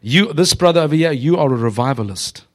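A visiting preacher delivers a funny, prophetic sermon to a church congregation, exhorting the listeners and speaking to them directly. His voice is a little high, animated and fast, and he laughs often.

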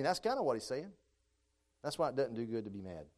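Male preacher, sermon delivery, lively pitch swings from quiet reading to fervent shouting. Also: a little fast. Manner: swings from calm reading to loud, high-pitched impassioned preaching.

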